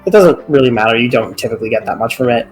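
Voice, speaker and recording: A man's voice: medium pitch, very fast, soft background music, low-quality recording. A man co-commenting on a game stream in a chatty way, often correcting himself mid-thought.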